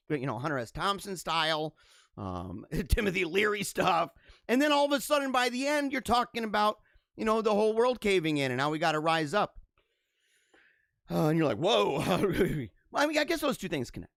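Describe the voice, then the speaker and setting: Animated young man chatting with viewers. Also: on the high side, vocal fry, no echo, studio quality. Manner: animated, laughing, rambling asides. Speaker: show host reading viewer comments. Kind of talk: casual livestream chat.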